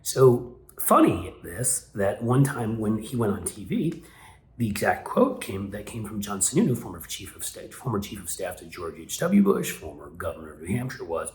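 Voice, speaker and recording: A man's voice: fairly low pitch, sing-song, normal speed, a little hiss or hum. A man hosting casual political commentary, talking in a sarcastic, mocking way. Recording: roomy echo.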